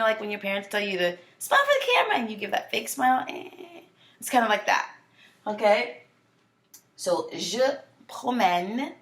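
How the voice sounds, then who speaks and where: A woman teaching a French lesson. She switches between French and English, repeats words slowly, and asks the class questions before answering them herself. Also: mid-range voice, a bit bright. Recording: echoey room.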